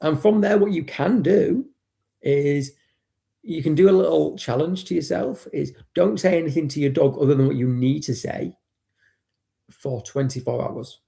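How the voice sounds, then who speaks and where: A man's voice: fairly high pitch, normal speed, gravelly, dark tone. A man hosting a live stream as a dog trainer. He talks casually and bluntly, swears now and then, and greets chat viewers by name.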